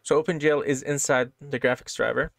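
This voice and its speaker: A man delivers a casual screen-share coding lesson, going step by step and constantly asking "right?". His mid-range voice is fast, creaky, a bit bright and fairly even in intonation, recorded at studio quality with no room sound.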